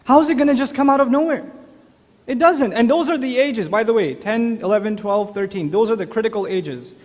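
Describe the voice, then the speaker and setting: Guy with a high voice giving a talk, casual, lots of questions to the crowd, big echoey hall. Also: fairly quick, darkish tone. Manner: conversational, with rhetorical questions to the audience. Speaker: speaker on parenting. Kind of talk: religious lecture to an audience.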